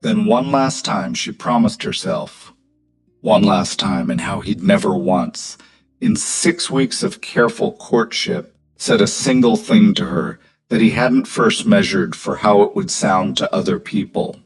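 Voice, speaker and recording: A man narrating a scripted story in a measured, steady way. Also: fairly low pitch, slightly rough, soft background music, low-quality recording.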